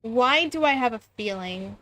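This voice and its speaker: A woman's voice: a little high, animated, measured pace, fairly bright tone, slight background noise. Giggly soprano woman streaming a game. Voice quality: light soprano voice. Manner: chatty, giggly, lots of restarts. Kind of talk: casual livestream chat while gaming.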